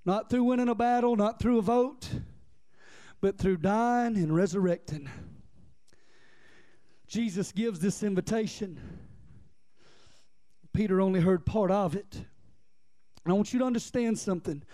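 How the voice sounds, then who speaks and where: A male preacher delivering a sermon with impassioned, rhythmic repetition and bursts of shouting, speaking directly to the congregation. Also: sits high, a little slow, long pauses.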